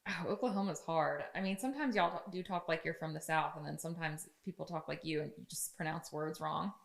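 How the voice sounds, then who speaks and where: A woman's voice: low voice, fast, vocal fry, reverberant. A woman co-hosting a podcast, chatting playfully and laughing easily. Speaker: podcast co-host. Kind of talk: casual chat.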